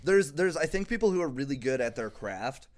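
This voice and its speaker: A man's voice: medium pitch, animated, brisk. A young man hosting a comedy podcast in casual chat, rambling with many fillers and restarts.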